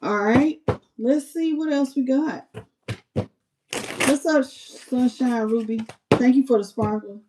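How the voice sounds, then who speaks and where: A woman reading tarot on a live stream, chatty and expressive, talking straight to her viewers. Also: high voice, slow, pauses often, noisy background. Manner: chatty and expressive, talks to viewers as "y'all" and "baby". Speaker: tarot reader.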